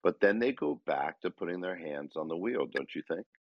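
A man with a very low voice co-hosts a casual podcast chat, thinking out loud in an earnest, reflective way. He keeps turning points into rhetorical questions for the listener. The sound is dry and a little dull, lo-fi. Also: animated, brisk, dry recording. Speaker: podcast co-host. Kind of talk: casual conversation.

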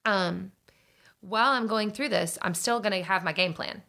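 A woman's voice: medium pitch, moderate pace, creaky. A woman in her thirties telling an earnest personal faith story, acting out what people said. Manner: earnest, animated, acts out dialogue. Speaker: storyteller sharing a faith testimony. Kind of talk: personal testimony, casual storytelling.

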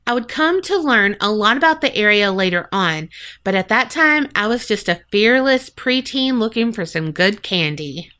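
A woman's voice: medium pitch, expressive, moderate pace, bright, forceful tone. A woman co-hosting a podcast, chatting agreeably and reading a listener's story aloud. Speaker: podcast co-host. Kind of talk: casual chat and reading listener stories aloud.

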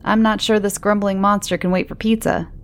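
A woman's voice: medium pitch, level tone, fairly quick, lightly acted. A woman voicing a tired, affectionate young father who jokes around. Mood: playful. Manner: jokey, affectionate.

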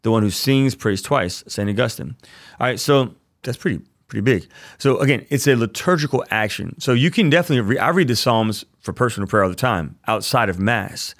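A man's voice: mid-range voice, a little fast, a bit bright, no echo, clean studio sound. A man, a priest hosting a podcast, teaching casually in an earnest, enthusiastic way, often repeating himself.

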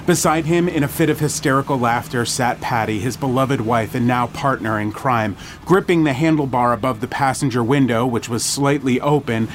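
A male podcast host giving measured, dramatic narration of a scary story. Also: mid-range voice, a little hiss or hum. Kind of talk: scripted horror story narration.

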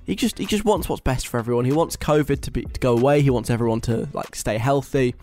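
Young british guy doing radio chat, poking fun at stuff, some music quietly in the back. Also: mid-range voice, fast. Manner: chatty, wry and mocking. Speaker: radio host. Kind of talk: casual radio talk.

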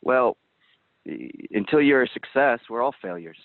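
A man's voice: mid-range voice, expressive, moderate pace, no echo. A man in a casual podcast roundtable who talks animatedly and acts out quoted voices. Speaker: roundtable panelist. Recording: tinny dry phone-like line.

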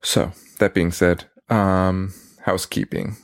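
Low gravelly man talking half-quiet. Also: little pitch movement, no echo, studio quality. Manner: rambling, self-deprecating, quick with fillers. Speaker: podcast host. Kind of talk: casual solo podcast chat.

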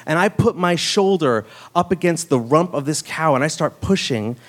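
A man with a slightly raised pitch tells a live story in a loose, conversational way. He keeps stopping to throw in "like" and quick asides, so the telling stays casual and chatty. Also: animated.

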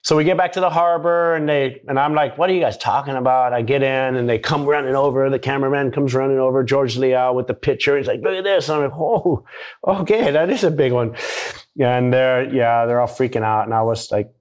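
A man telling a story in a relaxed, rambling way, as a guest in a casual talk. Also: mid-range voice, a little fast. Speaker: big wave surfer guest.

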